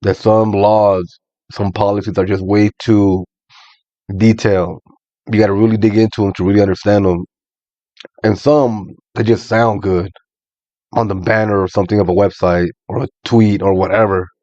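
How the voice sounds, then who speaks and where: A man's voice: fairly low pitch, flat delivery, moderate pace, dark tone, no room sound, highs cut off. A man giving casual, laid-back commentary on a talk show, agreeing along in a slangy way.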